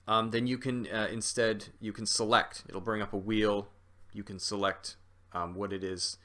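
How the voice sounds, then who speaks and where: A man's voice: lowish voice, a bit bright. A young man talking through a video game in a casual review, rambling with lots of ums and restarts and a jokey streak. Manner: chatty and jokey.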